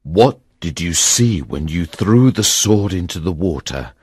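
A man acts out a wounded old king, voice low and slow, the pitch rising and falling with feeling. His commands come weary but firm. The sound is close and dry. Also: expressive, a little mellow, breathy edge, no echo, full character voice. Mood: weary commanding.

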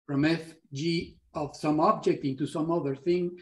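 A man's voice: on the high side, fairly even intonation, moderate pace. A man in the audience explaining a math idea in an academic discussion, often restarting mid-sentence as he searches for words. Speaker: audience member asking a question.

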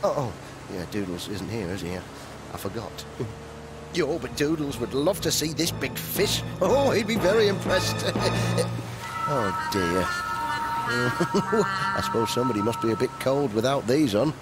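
A man playing a cheerful grown-up on a fishing trip in a children's show, reading a story aloud in a gentle, sing-song way. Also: medium pitch, big pitch swings, unhurried, over loud music.

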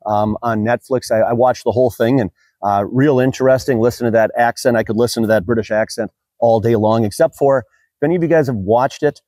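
A man's voice: medium pitch, steady tone, fairly quick, warm tone, dry recording. An American man talking casually in a product review vlog, chatty and rambling with frequent fillers. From United States. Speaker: car detailing YouTuber.

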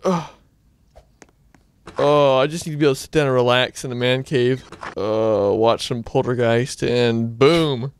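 A man hosting a casual game let's-play, excitable and playful, often bursting into high yelps. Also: a little slow, clean tone. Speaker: gameplay channel host.

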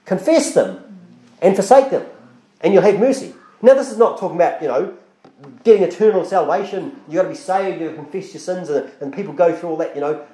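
Lively, high-voiced preacher in an echoey hall. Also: male voice, fairly quick. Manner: conversational preaching with many restarts and quoted dialogue. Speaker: pastor. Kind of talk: sermon. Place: church.

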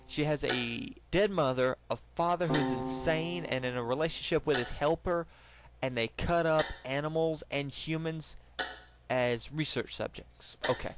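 A young man hosting a let's play, reading game text aloud and reacting with excited, jokey commentary. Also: fairly high pitch. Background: game music.

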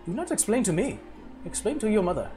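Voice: medium pitch, sing-song, fast, warm tone, soft background music, pitched above the performer's own voice, lightly acted. A game master doing a stern cat-folk clan leader. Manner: stern, formal.

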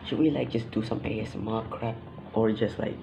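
Rambling young guy vlogging over loud music. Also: lowish voice, normal speed, creaky, low-quality recording. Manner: rambling, hesitant, with many fillers. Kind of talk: casual vlog chat.

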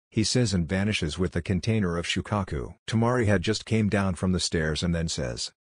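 A man reading a fan fiction story aloud in a flat, steady narration. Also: deep voice, brisk, few pauses, no room sound, studio quality.

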